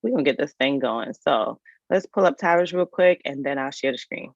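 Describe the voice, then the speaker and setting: An HR career coach runs a live resume review, her low, rumbling voice expressive and creaky at a moderate pace. She chats in a folksy, casual way, speaking straight to her viewers. Her computer mic gives a dry, slightly dull sound.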